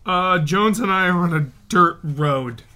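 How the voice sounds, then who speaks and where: A man playing a tabletop game, throwing in short quick remarks. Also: sits high, pushed and bright. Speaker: player. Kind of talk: casual chat at a tabletop game.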